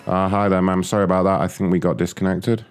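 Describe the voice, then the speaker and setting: A man's voice: sits low, flat delivery, fast, smooth, faint music behind. A young man making prank phone calls, laughing a lot and talking crudely with a mocking manner. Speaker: prank caller. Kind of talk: prank phone call, casual commentary.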